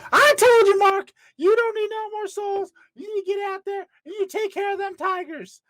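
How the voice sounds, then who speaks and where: A man putting on a high, scolding voice as a nagging wife with a Southern US accent. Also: fairly even intonation, normal speed, fairly bright tone.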